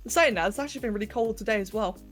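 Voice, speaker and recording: A woman's voice: mid-range voice, racing, fairly bright tone, faint music behind. A young woman chatting casually with viewers on a game livestream, giggling often as she works. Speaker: game streamer. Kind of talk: casual livestream chat while playing a game. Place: home bedroom.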